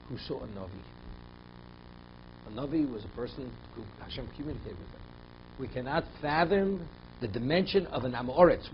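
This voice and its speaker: Emphatic rabbi teaching a Torah class. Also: male voice, medium pitch, dull audio, slight background noise. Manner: emphatic, rhetorical questions, repeats phrases while thinking.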